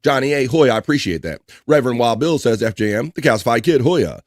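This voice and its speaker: Male stream host, mid-pitched, chatty, runs down chat names and shout-outs; dry, close sound. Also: lively intonation, dry recording. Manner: chatty, reads usernames and shout-outs aloud, quick asides. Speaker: livestream host. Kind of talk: reading out live chat messages.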